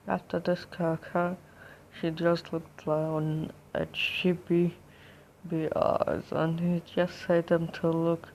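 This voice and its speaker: A woman narrating a homemade fan story in a rambling, profane way. Her voice is low and gravelly, and she speaks slowly with many restarts. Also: darkish tone, slight background noise.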